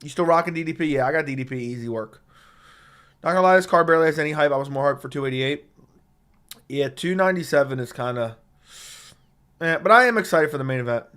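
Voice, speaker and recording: A man's voice: on the high side, fast talker, long pauses, a bit bright, clear, resonant tone. A man with a sore throat chatting casually on a live stream and reading viewer comments, blunt and profane as he trash-talks with chat, into a studio microphone. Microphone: studio dynamic microphone.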